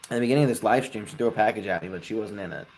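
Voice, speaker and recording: A man's voice: on the low side, very fast, a little mellow, soft background music. A young man in his twenties hosting a casual live stream, chatting with viewers and giving friendly advice.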